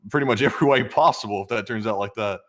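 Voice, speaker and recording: A man chatting casually on a live stream, his voice on the lower side. He talks quickly and rambles, with lots of fillers and restarts. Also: fairly bright tone. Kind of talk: casual chat.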